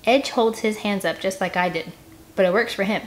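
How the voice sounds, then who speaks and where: A woman reads a children's novel aloud in first-person narration, gentle and expressive. Her pitch sits in the middle range. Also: normal speed. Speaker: audiobook reader.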